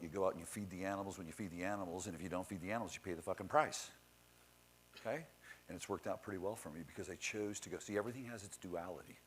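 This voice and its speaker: Man, very low voice, blunt and profane motivational storyteller, faint hiss behind. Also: rough recording. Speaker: speaker introducing the next speaker. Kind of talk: motivational talk to an audience.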